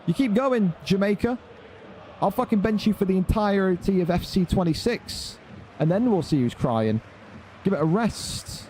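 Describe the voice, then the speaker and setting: A man's voice: sits high, lively intonation, normal speed, darkish tone, slight background noise. An irritated young man, swearing and scolding his chat during an esports tournament stream. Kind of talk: angry ranting at chat on stream.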